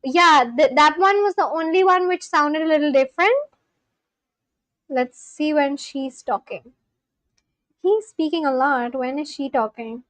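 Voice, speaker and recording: A woman's voice: high voice, a little slow, fairly bright tone, no echo, low-quality recording. A woman, chatting casually on a live stream from home and reacting aloud to clips and viewer messages. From India. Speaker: language-learning livestreamer.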